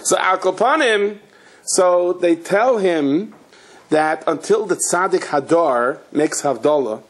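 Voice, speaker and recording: A man, a rabbi, giving a Torah lecture as an animated storyteller who acts out the characters with sudden high-pitched outbursts. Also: slow pace.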